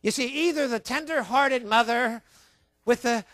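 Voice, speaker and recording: A male Bible teacher delivers a sermon-style lesson, pressing each point and repeating the key phrases. His voice sits high for a man. The sound is dry and close. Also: normal speed, a bit bright, no room sound.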